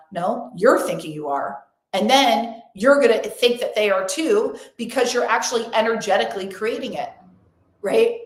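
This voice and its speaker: An emphatic woman coach speaks to an audience of women at a medium pitch, and her voice carries an echo from the room around her. She drops into other voices to act out the people she quotes. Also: animated, moderate pace. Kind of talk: motivational talk to women.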